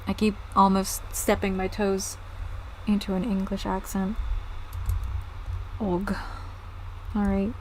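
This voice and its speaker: A woman's voice: medium pitch, monotone, slow pace, long pauses, a little hiss or hum, low-quality recording. A woman streaming a game, chatting casually, blunt and self-mocking, swearing often. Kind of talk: casual live-stream chat.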